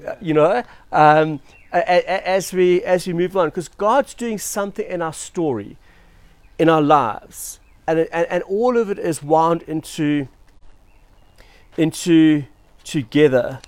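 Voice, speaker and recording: A man's voice: on the high side, measured pace, no room sound. A man from South Africa preaching a sermon as pastor, telling stories in a chatty, self-deprecating way.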